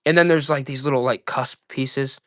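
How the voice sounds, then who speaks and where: A man's voice: medium pitch, normal speed. A man selling items on a live auction stream, hyping each piece and talking to his viewers. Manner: excited hype salesman talk.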